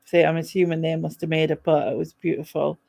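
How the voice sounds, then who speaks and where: A woman's voice: low-pitched, level tone, a little fast, vocal fry, dark tone, no echo. A woman hosting a stream, reminiscing hesitantly on a video call. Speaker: host. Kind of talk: casual chat on a live stream.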